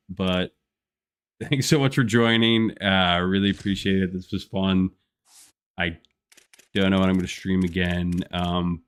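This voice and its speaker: A man's voice: low-pitched, smooth. A young man chatting casually on a live gameplay stream, rambling with lots of fillers and frequent laughs. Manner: rambling, laid-back, many "like" fillers, laughs often. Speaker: gaming streamer.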